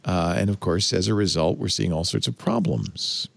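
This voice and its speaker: A man hosts a tech panel, his voice swinging widely in pitch as he jokes and laughs. The sound is dry and close-miked. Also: moderate pace, vocal fry, no echo. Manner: animated, laughing, wry. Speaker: host. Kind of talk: casual panel chat.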